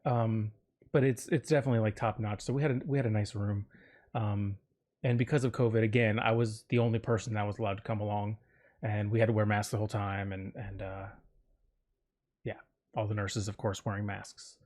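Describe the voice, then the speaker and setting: A little fast and on the low side, his voice has a darkish tone and fairly even intonation. He's a Florida-born solo podcast host recounting a personal story in a rambling, self-interrupting manner, full of fillers and jokes.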